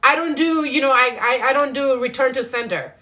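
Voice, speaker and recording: A woman's voice: high voice, a little fast, bright, forceful tone. A woman giving card-reading spiritual guidance live, emphatic and outspoken, leading affirmations and swearing freely. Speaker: spiritual channel and card reader.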